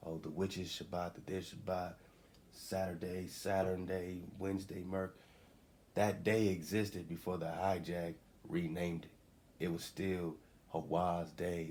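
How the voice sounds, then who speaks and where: A man's voice: low-pitched, a little mellow. A man hosting a radio show, giving a loose, slangy spiritual talk and repeating his phrases. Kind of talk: casual spiritual teaching talk. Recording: faint background noise.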